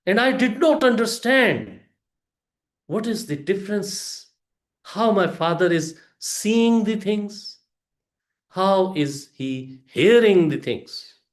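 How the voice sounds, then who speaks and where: A man with a high voice gives a prepared storytelling speech to a club audience in a reverberant space. He speaks deliberately, using pauses and emphatic rises.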